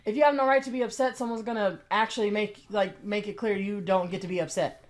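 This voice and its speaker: A woman's voice: mid-range voice, steady tone, fast talker. A woman giving a blunt, indignant ranting commentary, hammering her points with repetition. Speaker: commentary YouTuber.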